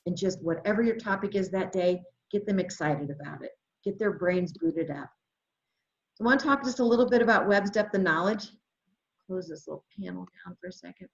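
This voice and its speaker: A woman leading an adult education webinar, talking to teachers with lots of excitement and reading chat replies aloud over a computer microphone. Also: fairly low pitch, a little fast, gravelly. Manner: enthusiastic, exclamatory, reads chat aloud. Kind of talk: webinar presentation. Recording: roomy, slightly dull webinar audio.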